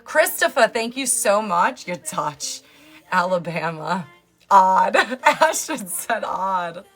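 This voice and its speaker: A woman hosts a casual livestream, reading her chat aloud and teasing viewers with loud, sarcastic humor. Her voice sits at an ordinary middle pitch for a woman, and faint music plays underneath. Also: very animated, slow pace. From New York. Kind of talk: casual live-stream chat, reading comments.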